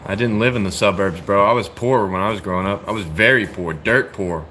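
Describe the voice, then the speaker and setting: A man from the United States in his thirties talks casually and bluntly, joking and cursing, tossing in "bro" and "dude". His voice sounds bright and forceful. Faint ambient noise sits in the room behind him. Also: lowish voice, brisk. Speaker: livestream host answering chat. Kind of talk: casual chat.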